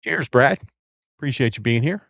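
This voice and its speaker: A middle-aged man from the Virginia area hosting a casual livestream, talking in a relaxed, rambling way as he tastes and reacts. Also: mid-range voice, normal speed, vocal fry, no echo, highs cut off. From Virginia area, USA. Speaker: bourbon livestream host. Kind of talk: casual live-stream chat.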